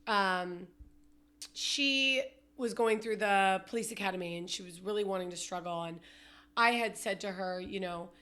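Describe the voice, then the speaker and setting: A woman on a podcast speaking as a supportive friend, giving calm, reassuring encouragement. Her voice is of ordinary pitch and she talks in a relaxed, conversational way. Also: normal speed, smooth. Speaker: podcast co-host. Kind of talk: casual chat.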